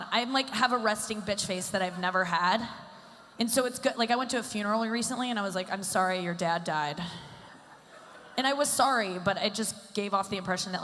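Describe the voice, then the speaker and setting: A woman's voice: mid-range voice, a bit bright, a little hiss or hum. A woman in her thirties doing a stand-up set on a stage mic, rambling and self-deprecating with lots of fillers. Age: 30s. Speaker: stand-up comedian. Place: comedy stage in a large hall. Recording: live venue with long hall reverb.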